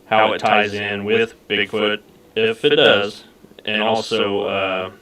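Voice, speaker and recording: A man's voice: lowish voice, fairly even intonation, takes it slowly, sharp tone, reverberant, rough recording. A man hosting a live paranormal podcast, easygoing and joking, laughing often as he talks. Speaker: podcast host. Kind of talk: casual live interview.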